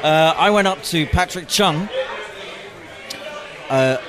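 A man hosts a loose podcast chat and tells his stories with energy, acting out what people said to him. His voice sits a little high for a man. Loud crowd chatter from a busy pub fills the background. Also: slow pace. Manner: animated storyteller, acts out quotes. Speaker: podcast host.

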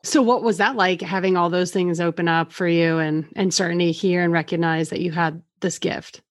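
A woman's voice: lowish voice, steady tone, moderate pace, no echo, studio quality. A woman hosting a podcast interview, asking questions in a casual way and adding encouraging asides. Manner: warm encouraging asides, laughs along. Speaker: podcast host.

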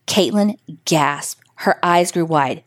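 A woman narrating a scripted spooky story for children in a measured, suspenseful way. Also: fairly low pitch.

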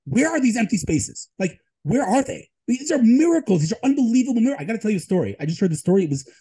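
A man with a lively, swinging delivery tells his stories with real emphasis. His voice sits a touch high, with a mellow, slightly husky tone. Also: fast, poor audio. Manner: animated, emphatic storyteller. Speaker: guest, tech advisor and Israel advocate. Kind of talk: storytelling interview talk.

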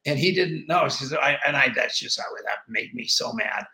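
Gravelly middle-aged man telling stories. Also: a little high, soft background music. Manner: animated, acts out dialogue with quick voice shifts. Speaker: podcast guest. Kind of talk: storytelling in an interview. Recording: roomy echo.

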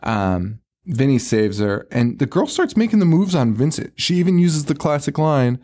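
A man's voice: medium pitch, sing-song, normal speed, dark tone. A man co-hosting a podcast, recapping a horror movie in casual chat, swearing freely and laughing often. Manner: profane, laughing, retells scenes in mock voices. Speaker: podcast co-host.

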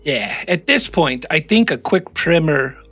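A man hosting a podcast, telling a story in an animated, joking way. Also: on the high side, a little slow, husky, faint music behind. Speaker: podcast host. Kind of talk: casual storytelling chat. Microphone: close studio mic.

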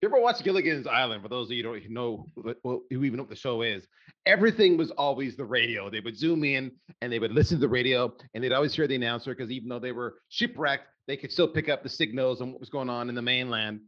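A man guesting on a podcast talks with animated, emphatic energy, getting fired up as he speaks. His voice sits in a middle range, and the audio is dull and lo-fi, like a remote call. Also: medium pitch, quick pace. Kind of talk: casual interview chat.

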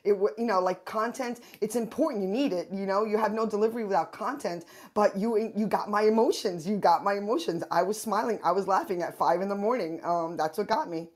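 A woman's voice: medium pitch, a little fast, hardly any pauses. Gushing woman full of filler words. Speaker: audience member. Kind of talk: casual chat.

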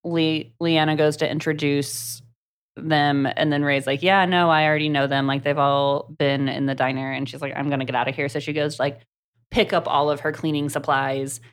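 Podcast co-host, Southern woman with a fairly low voice, animated and chatty. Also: moderate pace, clean tone. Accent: light Southern American. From American South. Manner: chatty, animated, many "like" fillers. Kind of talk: casual chat recapping a book.

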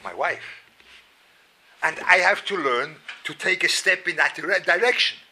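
A middle-aged man from Switzerland, giving an animated, self-mocking storytelling lecture at a Torah class, repeating words and breaking into sudden loud outbursts. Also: fairly high pitch, unhurried, a little hiss or hum.

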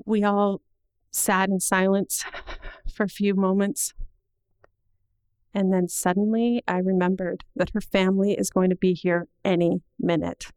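A middle-aged woman telling a personal story to an audience in an earnest, measured way, slowing down at the heavy moments. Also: mid-range voice, flat delivery, darkish tone, clean tone, no room sound, low-quality recording.

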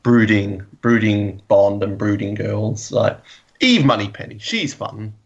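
A man's voice: fairly low pitch, lively intonation, measured pace, gravelly, muffled recording. A man co-hosting a podcast, chatting casually and enthusiastically, often laughing. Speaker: podcast co-host. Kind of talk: casual chat.

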